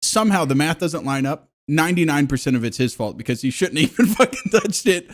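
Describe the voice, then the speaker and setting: A man's voice: fairly high pitch, lively intonation, brisk. A man co-hosting a podcast, cutting in with mock-serious jokes in casual chat. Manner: interrupting, joking, mock-serious. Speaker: podcast co-host.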